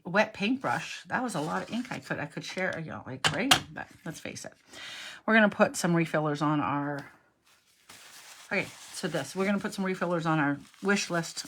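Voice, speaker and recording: Chatty low-voiced woman teaching crafts. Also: fairly bright tone, a little hiss or hum. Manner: chatty, thinks aloud, self-correcting. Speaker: cardmaking instructor. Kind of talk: casual demonstration lesson.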